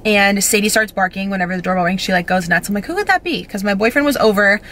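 On the verge of crying, a young woman vlogs from home, rushing through an emotional storytime in a gushing, breathless way packed with fillers. Her medium-pitched voice is a bit bright, and there's a faint hiss or hum.

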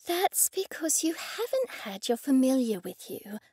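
A friendly young witch voiced by a woman reading an audiobook talks in a high, gentle voice. She takes her time and sounds patient and a little pleading. The recording is close and dry. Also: sing-song, creaky, dry recording, heavily acted. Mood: earnest, gentle. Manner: gentle, slow and pleading, sometimes hushed.

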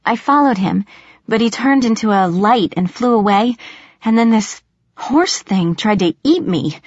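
A woman's voice: fairly high pitch, animated, a little slow, no room sound, pitched above the performer's own voice. A woman voicing a frightened teenage girl who stammers, in a dull, slightly muffled recording. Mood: shaken. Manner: stammering, shaky. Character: shaken teenage girl lost in fairyland.

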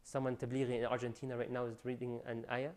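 A man giving an animated religious lecture, preaching with loud rising emphasis and Arabic phrases mixed in. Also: mid-range voice, fast talker. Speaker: Islamic lecturer.

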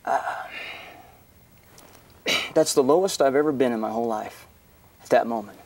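A middle-aged man, a pastor and guest, telling an emotional personal story in an earnest, halting way with many restarts. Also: medium pitch, darkish tone, far from the mic.

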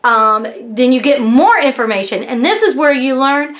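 A woman's voice: high voice, animated, moderate pace, fairly bright tone. A woman chatting casually as she reviews a mystery box, retelling its story with lots of fillers. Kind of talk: casual chat.

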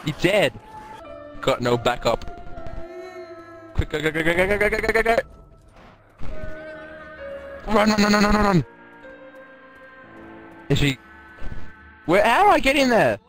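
Excitable high-voiced man yelling over gameplay. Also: moderate pace, pauses often. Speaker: gamer playing co-op. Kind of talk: let's play commentary. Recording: loud music over the game audio. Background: loud background music, gunfire.

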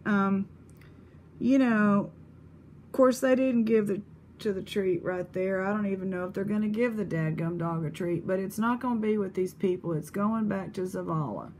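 A woman's voice: mid-range voice, normal speed, a little mellow, slight background noise. A woman chatting casually in a vlog, exclamatory and thinking aloud as she shows her finds. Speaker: vlog host. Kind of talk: casual vlog chat showing thrift finds.

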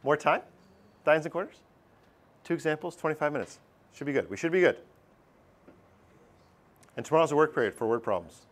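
Lively, joking male math teacher. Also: on the high side, a little fast, pauses often. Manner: lively, jokey, acts out student voices. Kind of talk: classroom lecture. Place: classroom.

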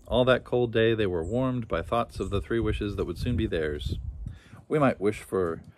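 A man's voice: on the low side, moderate pace, a little hiss or hum. A man reading a children's story aloud as storyteller, adding casual asides.

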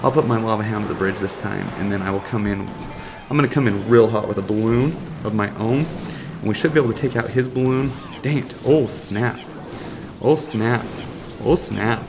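Excitable man commenting on live gameplay. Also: on the low side, normal speed, background noise. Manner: excitable, talks to viewers and taunts opponents. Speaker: gaming YouTuber.

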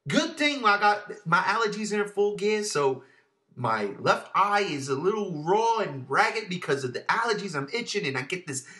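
A man co-hosts a laid-back movie review podcast, animated and swearing freely. His delivery swings from low murmurs to loud outbursts.

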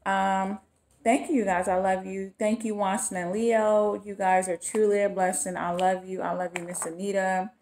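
A woman's voice: mid-range voice, level tone, moderate pace, darkish tone, slight background noise. Effusive woman vlogger gushing thanks. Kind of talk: casual vlog chat.

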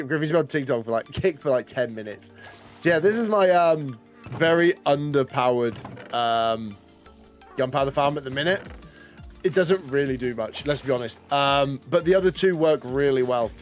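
Man, slightly high voice, rambling live-stream chat, faint music behind. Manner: chatty, rambling, greets and answers chat, laughs often. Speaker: game streamer. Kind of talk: casual live-stream commentary.

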